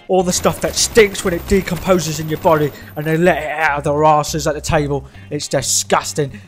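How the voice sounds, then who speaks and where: A young man delivering a crude, sweary comedic rant, mocking people and bursting into shouts. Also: fairly high pitch. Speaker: gaming channel ranter.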